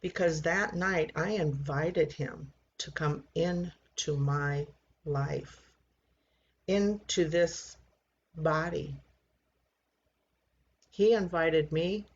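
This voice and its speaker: A woman in her sixties giving an earnest personal faith testimony, halting and repeating words as she tells it. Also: sits low, highs cut off. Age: 60s. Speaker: church member giving testimony.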